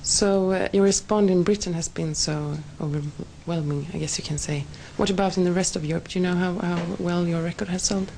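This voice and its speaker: Creaky-voiced woman with a Swedish accent. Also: on the low side, fairly even intonation, fairly quick, hardly any pauses, darkish tone, a little hiss or hum, poor audio. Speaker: TV interviewer. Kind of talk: interview questions.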